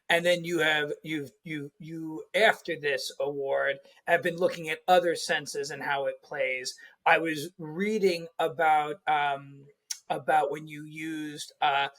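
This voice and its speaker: Halting male interviewer, higher voice. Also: fairly bright tone. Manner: halting, repeats words while forming questions. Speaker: interviewer, host. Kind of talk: interview questions.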